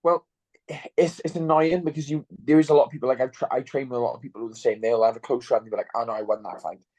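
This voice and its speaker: A man's voice: mid-range voice, fairly even intonation, racing, mellow, dry recording. A young man, a fighter in an interview, talking bluntly and swearing freely. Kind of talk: casual interview chat.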